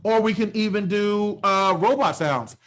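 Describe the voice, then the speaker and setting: Man, children's storyteller, sing-song, asks questions, slightly high voice, big microphone. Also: unhurried, fairly bright tone, slight background noise. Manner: sing-song, asking kids questions and praising. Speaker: children's storyteller and music teacher. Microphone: large microphone into a voice box.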